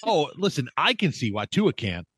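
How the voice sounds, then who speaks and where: A man's voice: fairly high pitch, sing-song, moderate pace, a bit bright, husky, no room sound. A man co-hosting a sports podcast, delivering sarcastic, profane tirades. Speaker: podcast co-host. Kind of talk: casual sports chat.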